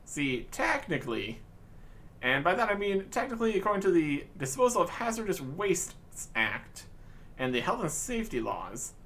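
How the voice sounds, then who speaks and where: A man's voice: sits high, very animated, normal speed, fairly bright tone, full character voice. A man voicing a rambling male pirate who brews rum in a fantasy game, spinning yarns in old-fashioned pirate talk. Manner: storytelling pirate talk, says 'tis and lad.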